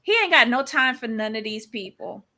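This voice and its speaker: A woman's voice: fairly high pitch, expressive, a little fast, pushed and bright, slight background noise. A woman co-hosting a casual TV recap chat, making dry, sassy asides and agreeing often. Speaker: podcast co-host.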